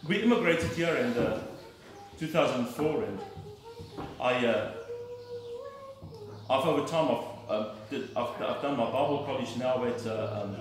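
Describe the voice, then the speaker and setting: A man's voice: mid-range voice, expressive, measured pace, pauses often, heavy reverb, distant mic, noisy background. A middle-aged man giving an earnest, emphatic personal testimony from the pulpit of a church. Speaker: lay preacher giving testimony.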